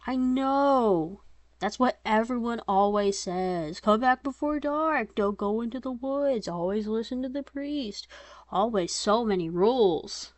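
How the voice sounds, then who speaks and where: A woman's voice: fairly high pitch, a little slow, no room sound, lightly acted. A woman voicing a restless younger teen brother who speaks in a light, offhand way and grumbles about rules. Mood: grumbling.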